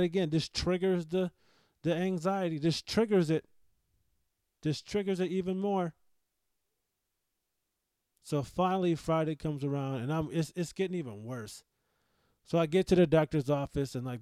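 A man's voice: fairly high pitch, moderate pace, pauses often, warm tone, no room sound. A man hosting a podcast, telling a personal story in an anxious, self-deprecating, rambling way. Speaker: podcast host.

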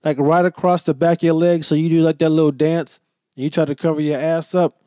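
This young adult man hosts a casual solo podcast, joking around and swearing a lot as he tells animated stories. His voice is a little high, brisk and clear with a resonant tone, recorded in studio quality with no echo.

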